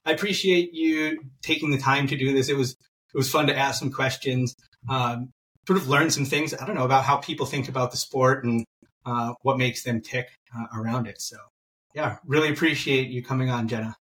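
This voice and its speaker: Male podcast host, easygoing, mid-pitched, slightly distant mic. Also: fairly even intonation, moderate pace, a bit bright, a little hiss or hum. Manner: easygoing, many filler affirmations. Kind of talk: casual interview chat.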